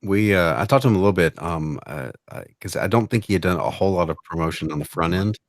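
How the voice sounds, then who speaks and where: Deep-voiced hesitant man chatting. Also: quick pace, dry recording, clean studio sound. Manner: hesitant, many fillers. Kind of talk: casual live-stream chat.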